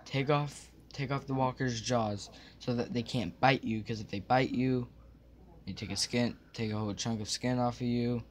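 A young man talking casually to his camera in a small room, his thoughts wandering as he loses track with ums and restarts. His voice sits at an ordinary middle pitch. A faint hum of room ambience sits under it. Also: fairly even intonation, normal speed. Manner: scattered, forgetful, many fillers and restarts. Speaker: vlogger. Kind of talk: rambling casual vlog.

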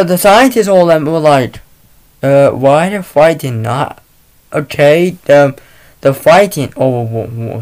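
Halting, slow-talking man reviewing a movie. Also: a little high, smooth. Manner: halting, rambling retelling with many restarts.

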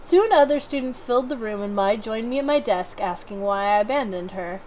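A woman co-hosting a let's play, reading a visual novel's narration aloud with expressive lift and frequent giggles. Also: mid-range voice, brisk, slight background noise, poor audio.

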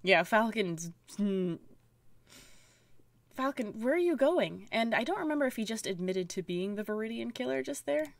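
A woman's voice: on the high side, animated, moderate pace, vocal fry, dry recording. Chatty woman streamer commenting on a game. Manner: chatty, wry, laughs often. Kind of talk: casual let's-play commentary.

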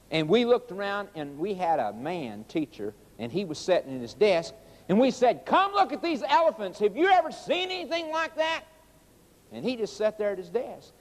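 A man's voice: a little high, long reverb tail. A middle-aged man preaching a sermon, a folksy storyteller who talks to the audience as folks and acts out quotes in a raised voice. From rural United States.

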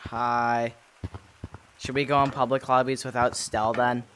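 A young man streaming a game in casual chat with friends, excitable with sudden loud outbursts. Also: mid-range voice, a little slow, slight background noise.

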